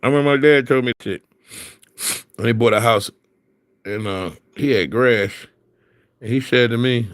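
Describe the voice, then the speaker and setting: A man's voice: mid-range voice, moderate pace, pauses often, dry recording. Philly guy, easy slangy storyteller, dry close sound, mid voice. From Philadelphia. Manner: storytelling, laughs often, slangy. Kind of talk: casual chat.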